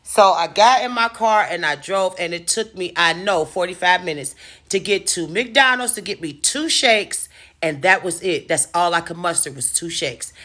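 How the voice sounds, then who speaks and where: Bright-voiced woman telling a dramatic story. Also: lowish voice, normal speed. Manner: animated, profane, dramatic storyteller. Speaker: storytime vlogger. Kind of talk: casual storytelling.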